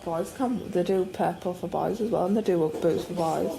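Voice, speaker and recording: A woman's voice: on the low side, moderate pace, creaky, crowd noise. An 18-year-old woman, an expectant mother, talking in a chatty, giggly way in documentary interviews and on a labour ward. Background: background music.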